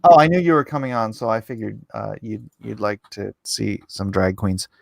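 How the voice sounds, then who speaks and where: A man's voice: lowish voice, normal speed, vocal fry, dry recording, studio quality. A man hosting a casual livestream, reading viewer comments aloud and chatting back in a rambling, self-deprecating way. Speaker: livestream host.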